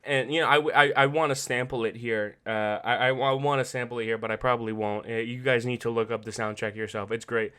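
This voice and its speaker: A man hosting his own podcast, talking casually and profanely about a video game, laughing often and swinging from loud excitement to quiet earnest remarks. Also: medium pitch, brisk, few pauses, clean tone. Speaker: podcast host. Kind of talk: casual solo podcast commentary.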